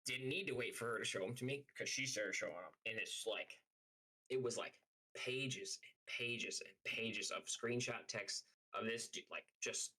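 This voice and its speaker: Unhurried and medium-pitched, a young man's pushed, bright voice carries a casual live-stream story through poor audio. His telling is profane and rambling, packed with "like."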